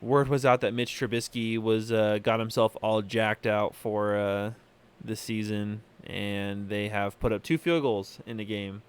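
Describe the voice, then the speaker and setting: A man hosting a podcast from California, giving opinionated solo commentary in a halting way, full of fillers and restarts. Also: on the low side, fairly even intonation, clean tone. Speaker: podcast host.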